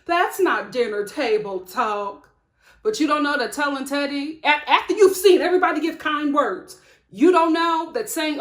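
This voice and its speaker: An outspoken woman talks straight to camera, recapping reality TV drama with lively sass and frequent laughter. Her voice sits slightly high. The room around her rings with noticeable echo. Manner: animated, outspoken, laughs often. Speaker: TV reality show reviewer. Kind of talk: sassy recap commentary to camera. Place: home studio with lights. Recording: echoey room.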